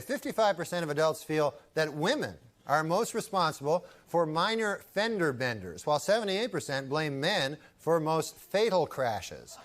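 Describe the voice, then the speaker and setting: A male comedian telling stand-up bits and mock news jokes in a deadpan, drawling way with wry asides. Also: on the high side. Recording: old TV audio with audience laughter and hiss.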